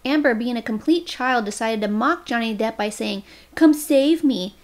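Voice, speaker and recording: A woman's voice: fairly high pitch, moderate pace. A woman, a commentary YouTuber, reading a scripted narration aloud and openly taking sides as she goes. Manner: opinionated, openly takes sides in her narration.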